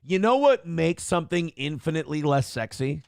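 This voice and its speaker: A man's voice: fairly high pitch, very animated, normal speed, gravelly, a little mellow, clear, resonant tone, no echo, clean studio sound. A man co-hosting a morning talk show, trading crude jokes and mock voices in casual banter. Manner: profane, jokey, does mock voices. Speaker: co-host.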